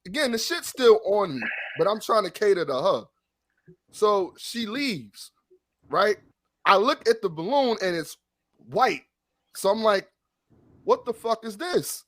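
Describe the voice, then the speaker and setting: Podcast co-host, male, lively rambling storyteller, somewhat high pitch, dry studio. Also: unhurried, no room sound. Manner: animated, profane, rambling with restarts. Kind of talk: casual storytelling chat.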